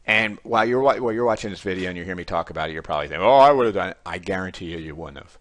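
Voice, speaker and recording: A man's voice: sits low, steady tone, racing, bright, forceful tone, no echo. A middle-aged man teaching statistics in a recorded lecture video, telling a classroom story in a conversational way with folksy asides. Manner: conversational storytelling with quoted student voices. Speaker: statistics instructor.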